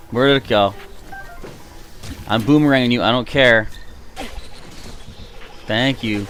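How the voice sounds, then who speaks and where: A man's voice: mid-range voice, slow, pauses often, a bit bright, soft background music. A man chatting to himself and his viewers while playing through a live stream, reacting as he goes. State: hiccuping. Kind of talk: gameplay live stream commentary.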